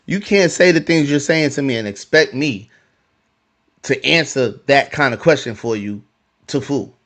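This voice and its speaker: A man's voice: mid-range voice, moderate pace, fairly bright tone. A man hosting a heated podcast debate, arguing and repeating himself. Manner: argumentative, repeats phrases.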